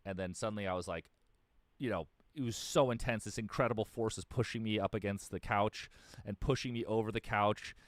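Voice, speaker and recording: A man with a very low voice talks fast in a rambling, restart-heavy way, full of fillers. He is a musician guest in a casual interview chat. The sound is dry and close. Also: no echo.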